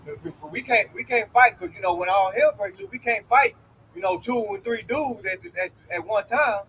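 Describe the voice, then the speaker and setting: A man in a casual religious discussion who speaks emphatically and chimes in with quick agreement. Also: very high voice, expressive, a bit bright, a little hiss or hum, low-quality recording. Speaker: discussion participant.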